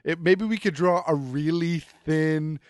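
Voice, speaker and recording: A man's voice: fairly high pitch, measured pace, clean tone, dry recording, studio quality. A man co-hosting a casual geek podcast, teasing and laughing easily, with hesitant fillers, a beer or two in. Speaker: podcast co-host, news segment. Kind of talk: casual chat.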